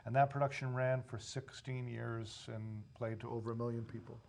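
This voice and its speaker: A man's voice: medium pitch, level tone, moderate pace, vocal fry, a little mellow. A man from a stage production chatting on a talk show, explaining how the show works. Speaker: member of the production. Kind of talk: casual talk show chat.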